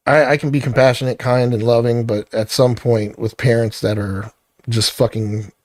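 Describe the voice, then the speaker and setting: A middle-aged man ranting into the camera, his voice heated and full of profanity. He sounds close and dry, with no room echo, at an ordinary mid pitch. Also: darkish tone. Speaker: vlogger. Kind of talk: angry personal rant to camera.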